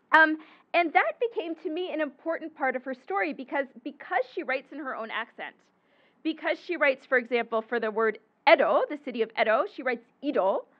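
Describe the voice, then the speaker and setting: A woman historian giving an explanatory book lecture about her research, with occasional ums and self-corrections. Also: high voice. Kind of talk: academic lecture with slides. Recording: muffled lecture recording.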